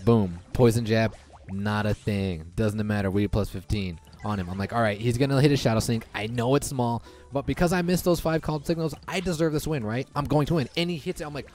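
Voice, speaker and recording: A young man giving casual, excitable commentary over his own gameplay, reacting loudly to lucky and unlucky rolls. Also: medium pitch, fairly quick. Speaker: gaming commentator. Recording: faint background music.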